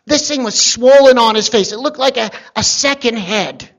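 Wry gravelly-voiced man telling a story. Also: very high voice, normal speed. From Virginia. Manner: wry, conversational, deadpan asides. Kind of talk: personal storytelling.

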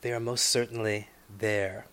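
A man's voice: on the low side, level tone, clear, resonant tone. Man reading a reflective literary essay. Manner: measured, reflective, long winding sentences with many asides; swells loud on key phrases, then drops to near-hushed tones. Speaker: author reading his own personal essay.

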